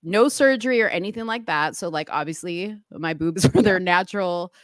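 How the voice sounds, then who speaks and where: A woman's voice: on the low side, moderate pace, no echo, studio quality. A woman co-hosting a casual livestream chat, teasing and laughing often. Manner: giggly, teasing, loud bursts of laughter. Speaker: co-host. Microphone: studio mic.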